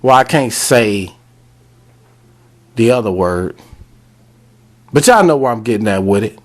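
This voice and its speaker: A man's voice: lowish voice, animated, a little slow, pauses often. A man hosting a sports talk podcast, ranting bluntly and calling out directly to fans. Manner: fired-up, addresses fans directly; blunt, repetitive scolding. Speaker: podcast host.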